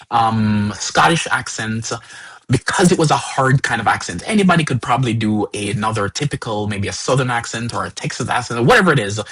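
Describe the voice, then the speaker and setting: A man hosting a live tech stream, talking casually and stammering with repeated words when excited. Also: medium pitch, husky, low-quality recording. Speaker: host.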